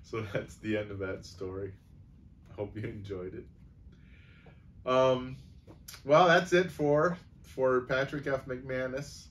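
A man reading a humorous story aloud for a church audience, then signing off in a relaxed, folksy way with fillers. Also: mid-range voice, slow, long pauses, slight background noise.

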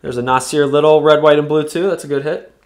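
A man's voice: a little high, steady tone, quick pace. A man hosting a live trading card break, reading out the cards he pulls and whooping at the big hits. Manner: reads player names off cards.

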